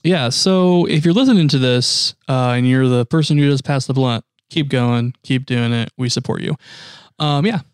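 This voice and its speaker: A man's voice: medium pitch, moderate pace, smooth, dry recording, clean studio sound. A man co-hosting a podcast, talking casually with lots of "um"s and short reactions. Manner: laid-back, filler-heavy, short reactions. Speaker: podcast co-host. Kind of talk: casual chat.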